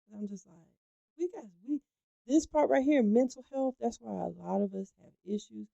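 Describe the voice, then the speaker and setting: Gravelly-voiced woman host, emphatic chat. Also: a little high, lively intonation, moderate pace, dark tone, no echo, dull audio. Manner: emphatic, chatty, addresses viewers directly. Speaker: talk show host. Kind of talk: animated gossip commentary.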